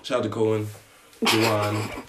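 A man's voice: on the low side, monotone, a little slow, reverberant, noisy background. A man co-hosting a podcast in casual chat, joking, laughing and acting out scenes. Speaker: podcast co-host.

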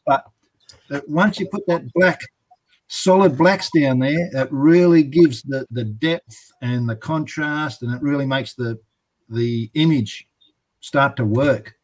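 A man talks shop in a loose, rambling way, full of ums and restarts. His pitch sits in an ordinary middle range. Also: slow, low-quality recording. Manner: rambling, relaxed, many fillers. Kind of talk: casual chat about inking comics.

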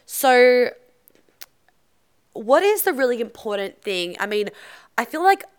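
A young adult woman hosting her podcast alone, chatting candidly, swearing freely and going off on quick asides. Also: fairly high pitch, big pitch swings, smooth. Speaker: podcast host and coach. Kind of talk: casual solo podcast chat.

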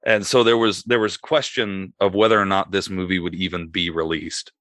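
A man's voice: low voice, fairly even intonation, normal speed, a bit bright, no echo, studio quality. A man hosting a casual podcast chat, leading the talk and moving the show from topic to topic. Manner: leads the talk, steers to next topic. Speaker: podcast host.

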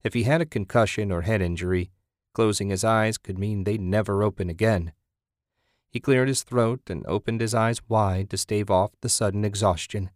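Reading a novel aloud as an audiobook narrator, a man speaks in a steady, measured, somewhat low voice. This scripted narration is recorded close and dry, free of any room sound.

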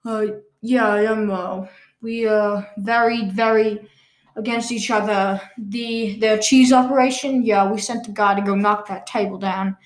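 Casting: a woman playing a deadpan mobster guy with a fake Italian accent, hesitant mumbling, roomy echo. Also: mid-range voice, lightly acted. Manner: halting, hesitant, mumbled delivery.

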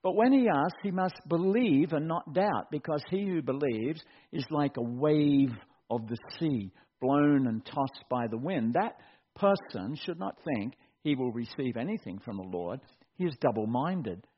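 A middle-aged man preaching a sermon, animated and acting out quotes in mock voices. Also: mid-range voice, unhurried, husky. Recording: dull lo-fi recording.

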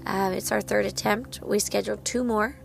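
Candid woman with a gravelly edge. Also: mid-range voice, steady tone, normal speed, over music. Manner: candid, self-encouraging, laughs at herself. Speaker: podcast host, parent of a child with medical needs. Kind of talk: personal podcast monologue.

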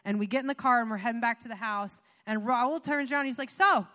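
A woman's voice: a little high, fast, fairly bright tone. A young woman giving a chatty, personal testimony during a sermon, full of fillers and little laughs. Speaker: pastor's wife sharing testimony. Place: church sanctuary. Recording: reverberant church hall.

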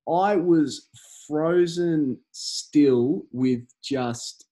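A man in his thirties, a guest in a casual interview, talking in a halting way with many fillers and restarts. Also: mid-range voice, a little mellow, slightly rough. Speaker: campaign organiser, guest.

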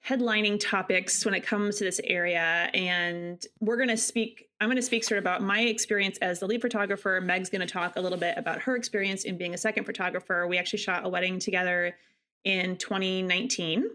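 A woman's voice: medium pitch, fairly even intonation, fairly quick, pushed and bright. A woman hosting a podcast in a casual chat, talking about her work as a wedding photographer in a giggly, easygoing way. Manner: chatty and giggly, with fillers like "like".

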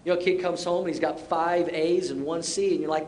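High-voiced pastor preaching in a roomy church. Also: male voice, fairly even intonation, brisk, darkish tone. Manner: conversational, self-deprecating humor with repeated short exhortations. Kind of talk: sermon. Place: church sanctuary. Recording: roomy church sound with faint rumble.

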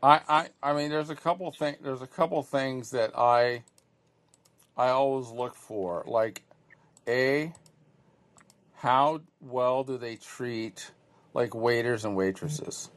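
A man's voice: medium pitch, slow pace, a bit bright. Joking middle-aged man, stammering restarts. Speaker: podcast co-host. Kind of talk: casual chat.

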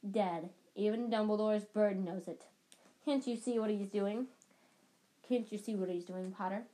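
A woman reading an audiobook and voicing a cold, gloating young male dark wizard in a low, quiet, taunting tone. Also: steady tone, measured pace, slight background noise, lightly acted.

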